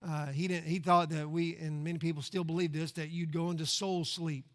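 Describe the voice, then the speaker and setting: High-voiced man preaching conversationally. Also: level tone, a little fast. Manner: conversational, rhetorical questions, repeats words. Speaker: pastor. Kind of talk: expository sermon. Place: church sanctuary.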